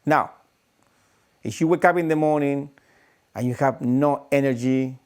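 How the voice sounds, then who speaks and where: A man teaching breathwork in a live-streamed lesson, animated, demonstrating breaths with audible sighs. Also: medium pitch, a little slow, clean tone.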